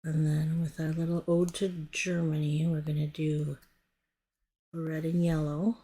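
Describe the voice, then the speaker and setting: This woman from the United States has a low-pitched, warm, slightly rough voice, with a flat delivery and a little slow tempo. As a nail product stylist, she chats casually through a tutorial, narrating her hands and often breaking off to correct herself.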